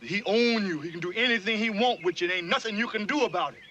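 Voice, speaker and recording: A man's voice: high voice, fast talker, bright, forceful tone, muffled recording, a little hiss or hum. An actor with a Southern accent playing an older enslaved fiddler who fawns over his master and scolds a newcomer in a drawling dialect. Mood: stern. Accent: American Southern. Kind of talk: period film drama.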